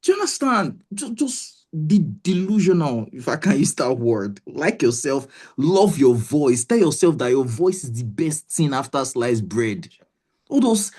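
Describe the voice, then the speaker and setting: A Nigerian woman gives a motivational webinar talk to voice actors. Her low, mellow voice swings widely in pitch. She hammers her points home and keeps asking whether everyone understands. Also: very animated, normal speed, breathy edge. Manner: emphatic, repeats herself, keeps asking "do you understand". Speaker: guest voiceover coach.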